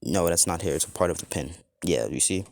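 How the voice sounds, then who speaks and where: A man's voice: low voice, brisk, gravelly, darkish tone. A man improvising a fan-fiction story, rambling with lots of fillers and restarts.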